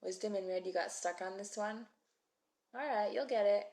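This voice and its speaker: A woman's voice: mid-range voice, moderate pace, darkish tone. A woman teaching a live-streamed Hebrew reading class, chatty and encouraging as she calls out viewers by name. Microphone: phone mic.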